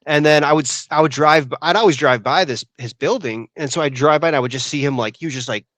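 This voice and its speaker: A young adult man co-hosting a podcast, telling stories in a casual, animated way and saying "dude" a lot. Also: a little high, quick pace, no room sound. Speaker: podcast co-host. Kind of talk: casual chat.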